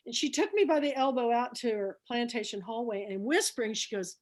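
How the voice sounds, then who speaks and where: A middle-aged woman telling stories to a group, chatty and animated, acting out what people said. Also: fairly high pitch, brisk, hardly any pauses. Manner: chatty, animated storyteller who acts out dialogue. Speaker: book club founder speaking to a group. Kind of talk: storytelling talk.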